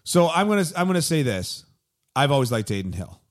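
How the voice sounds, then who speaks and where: A man's voice: on the high side, big pitch swings, a little fast. A man co-hosting a podcast in casual chat, talking in a wry, analytical way with dry jokes. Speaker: podcast co-host.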